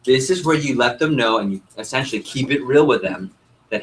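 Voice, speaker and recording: A man's voice: mid-range voice, a little fast, a little hiss or hum, low-quality recording. A man leading a sales training session for a group, asking the audience questions and acting out lines to customers. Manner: animated, role-plays customer lines, asks audience questions.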